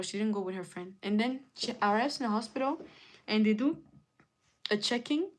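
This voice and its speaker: A woman at an ordinary middle pitch, talking loosely to her live chat. She strings the story together with lots of "like" and "and then", and slips in quick lines for each side as she retells it. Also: lively intonation. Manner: rambling retelling, acts out both sides with "she's like". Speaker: streamer.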